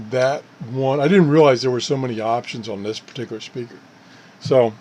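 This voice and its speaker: A man in an easygoing, unscripted gadget talk, at an ordinary middle pitch for a man. He rambles, restarts his sentences and chuckles at his own slip-ups as he goes. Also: a little mellow, slight background noise. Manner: rambling, self-correcting, chuckles at own mishaps. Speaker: channel host reviewing gadgets. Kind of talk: casual unscripted product talk.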